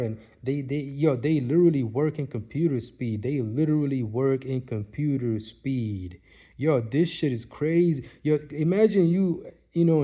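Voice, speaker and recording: A vlogger with a warm, mid-range voice rambles through a casual monologue. He repeats himself a lot and keeps asking the listener "you see what I mean" to check they're following.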